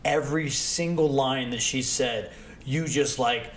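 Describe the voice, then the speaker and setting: A young man hosting a podcast, talking in a relaxed, rambling way and laughing often. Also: mid-range voice, measured pace, a loud crowd. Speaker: podcast host. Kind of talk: casual chat.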